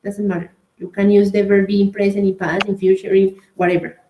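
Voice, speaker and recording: A woman's voice: mid-range voice, little pitch movement, fairly quick, warm tone, slight background noise. A woman with a Colombian Spanish accent teaching an English grammar class, explaining patiently and checking in with "right?" and "okay?". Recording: echoey room.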